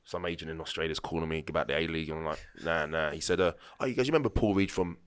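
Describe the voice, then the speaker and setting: A man's voice: rumbling low, expressive, racing, smooth. A man in his late thirties, a former footballer and podcast guest, telling rambling stories in a casual way and acting out the dialogue he quotes. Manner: rambling anecdotes, restarts, acts out quoted dialogue. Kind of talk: casual conversational storytelling.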